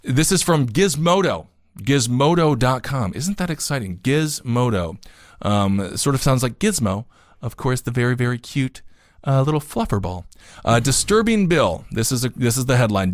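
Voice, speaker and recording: A man's voice: medium pitch, big pitch swings, normal speed, dry recording, clean studio sound. A man co-hosting a casual political talk podcast, reading news aloud with jokey, rambling asides and getting worked up and emphatic. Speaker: podcast co-host. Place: home studio in New York City.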